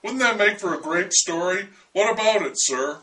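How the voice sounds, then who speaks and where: A man's voice: high-pitched, animated, moderate pace, sharp tone, low-quality recording. A man voicing a female TV reporter who talks in a coaxing, doubtful way.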